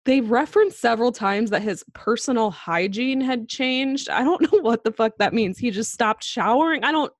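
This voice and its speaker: A woman's voice: a little high, lively intonation, normal speed, few pauses, dry recording, clean studio sound. A woman co-hosting a podcast, telling a true-crime ghost story in a laid-back, casual way with lots of fillers and the odd swear word.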